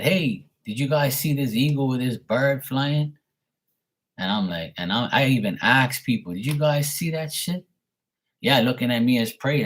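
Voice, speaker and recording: Husky-voiced man rambling. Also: mid-range voice. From Bermuda. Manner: rambling, profane storyteller answering viewers. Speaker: tarot reader livestream host. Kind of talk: casual livestream chat.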